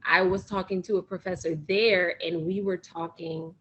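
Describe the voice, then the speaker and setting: A woman's voice: lowish voice, normal speed, breathy edge, dull audio. A woman speaking as a podcast guest, telling stories casually and acting out the conversations she recounts. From United States. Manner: animated storytelling, acts out quoted exchanges. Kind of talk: casual interview chat.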